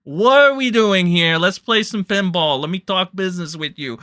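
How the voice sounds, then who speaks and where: A man doing a gushing over-excited male e-celeb impression. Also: sits high, moderate pace, smooth, dry recording, studio quality, pitched above the performer's own voice. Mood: giddy scheming.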